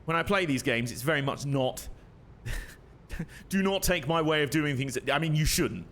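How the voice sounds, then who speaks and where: A man's voice: on the high side, moderate pace, a bit bright. A young man casually commentating his own gameplay on a stream, chatty and self-mocking, laughing often.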